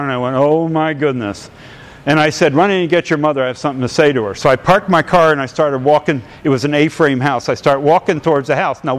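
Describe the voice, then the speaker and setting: High-voiced male preacher, fervent sermon delivery, big reverberant church sound. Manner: animated storyteller, rising to fervent exhortation. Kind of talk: sermon with storytelling. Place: church sanctuary. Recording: long hall reverb.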